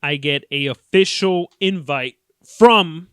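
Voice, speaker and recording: A man's voice: on the high side, takes it slowly, smooth, no room sound. A man in his late twenties hosting a casual podcast, telling a story with lots of swearing and laughter. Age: 20s. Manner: profane, animated, laughs often. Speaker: podcast host.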